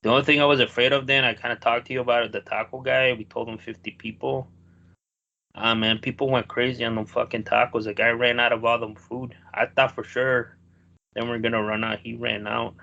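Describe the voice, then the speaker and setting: A man co-hosts a podcast in a relaxed, rambling way, swearing as he tells his story. His voice has a gravelly, fry-heavy edge at a middling pitch. The audio is dull and lo-fi. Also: a little fast. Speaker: podcast co-host. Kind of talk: casual chat.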